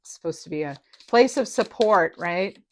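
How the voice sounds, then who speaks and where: A woman giving a casual tarot reading to her viewers, chatty and reassuring, often checking in with "right?" and letting phrases trail off softly. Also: on the low side, animated, normal speed, slight background noise. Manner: chatty and reassuring, with frequent "right?" and "you know". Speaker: tarot reader.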